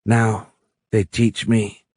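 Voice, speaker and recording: A man's voice: lowish voice, completely flat delivery, very slow, darkish tone, dry recording, studio quality. A man voicing an alien being in a woman's form, who speaks in broken, mechanical sing-song phrases with a strange foreign lilt. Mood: halting, earnest.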